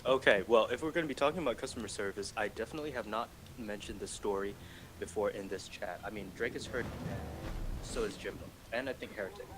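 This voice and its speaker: A young man from Malaysia, speaking with an American accent, rambles through anecdotes in a dry, sardonic way. His voice sits a little low. A steady hiss runs under the stream recording. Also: fast talker. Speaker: streamer and host. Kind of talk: casual chat while gaming.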